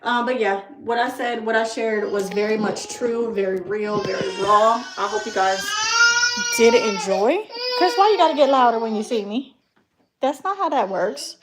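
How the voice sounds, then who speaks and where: A woman's voice: on the high side, moderate pace, a little hiss or hum. A young woman chatting casually on her vlog, laughing often and trailing off with ums while she talks aside to her toddler. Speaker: beauty vlogger and mother.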